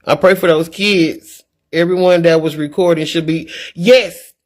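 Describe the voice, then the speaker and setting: A woman's voice: lowish voice, steady tone, a little slow. A middle-aged woman talking candidly on a live stream, earnest and preachy, repeating words as she gets worked up. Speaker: livestreamer reading viewer comments.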